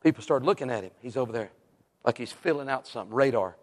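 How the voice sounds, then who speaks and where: A male evangelist, telling an animated story in a sermon and acting out the people in it. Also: mid-range voice, quick pace. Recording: long reverb in a large hall.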